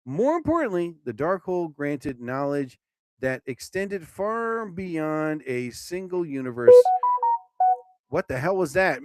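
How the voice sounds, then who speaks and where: Excitable rambling streamer guy. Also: fairly high pitch, clean tone, dry recording, studio quality. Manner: excitable, rambling, jokey, stumbles over words. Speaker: live stream host. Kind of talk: casual live-stream reading and commentary.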